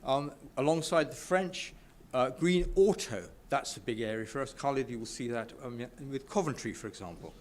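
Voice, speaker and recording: A man's voice: medium pitch, normal speed, few pauses, a little hiss or hum. Enthusiastic British man giving a speech. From United Kingdom. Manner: enthusiastic, stumbles and restarts often. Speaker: speaker at a business networking event. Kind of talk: informal speech to an audience. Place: event room with a live audience.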